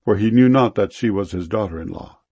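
A man reading scripture aloud in a slow, measured, reverent way. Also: on the low side, mellow, husky, no room sound. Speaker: scripture reader. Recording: dull, lo-fi sound.

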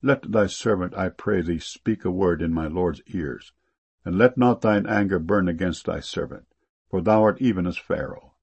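Pleading elder brother read by a man, low husky voice, solemn scripture reading. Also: moderate pace, darkish tone. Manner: earnest, pleading. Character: pleading grown brother begging for mercy.

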